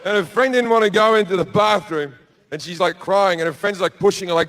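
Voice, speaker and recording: A man's voice: high-pitched, a little fast, a bit bright. A middle-aged man doing stand-up comedy, telling a crude story bluntly with lots of swearing, on a club stage with a handheld mic. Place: comedy club stage before a live audience.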